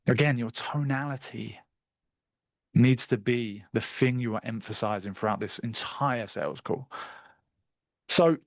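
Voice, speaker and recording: A man teaching a live online sales masterclass over a video call, direct and brisk, with the odd bit of crude slang. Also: medium pitch, dry recording. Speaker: sales trainer.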